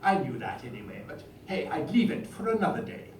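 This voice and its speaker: A man's voice: fairly high pitch, sing-song, a little fast. A man putting on a plummy posh boastful politician. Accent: upper-class English (Etonian). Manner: rhyming verse recital, plummy and boastful. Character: pompous posh male prime minister, boastful rake. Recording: roomy hall, far mic, noisy.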